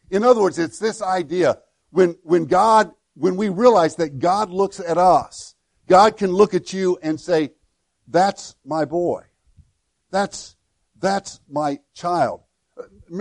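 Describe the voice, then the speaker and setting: A man's voice: a little high, darkish tone, dry recording. A middle-aged man pastor giving a conversational sermon, with frequent restarts and repeated words.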